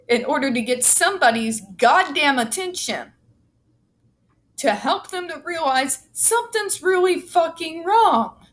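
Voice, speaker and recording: A woman's voice: high voice, fairly bright tone. A woman giving angry, blunt commentary as she reads from a report, swearing heavily and sarcastic. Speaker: autistic advocate commentator.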